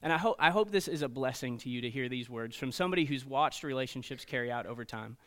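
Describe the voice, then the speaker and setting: A man preaching to teenagers as a youth pastor, telling stories in an animated way and checking in often with "okay?" and "right?". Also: mid-range voice, quick pace. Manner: storytelling, animated, frequent "okay?" and "right?" asides. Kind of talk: sermon to teenagers.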